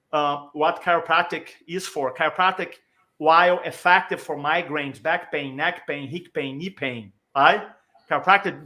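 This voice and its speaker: A man's voice: on the high side, fairly bright tone. A middle-aged man, a podcast guest, telling a personal story with energy and emphasis, acting out the dialogue he quotes. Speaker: podcast guest, speaking coach. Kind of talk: animated storytelling.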